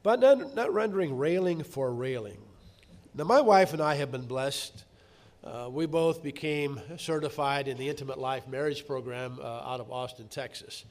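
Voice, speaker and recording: Speaking at a moderate pace in a mid-range voice, a middle-aged pastor delivers a sermon full of stories. He shifts from quiet side comments to loud bursts of emphasis.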